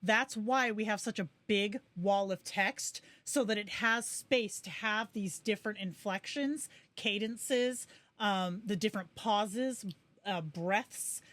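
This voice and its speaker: A woman leads a casual livestream tutorial at a middle pitch, chatting easily as she clicks through options. Her voice is close and dry, with no room sound behind it. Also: slow, a bit bright, no room sound. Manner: chatty, explains while clicking through settings. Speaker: livestream host.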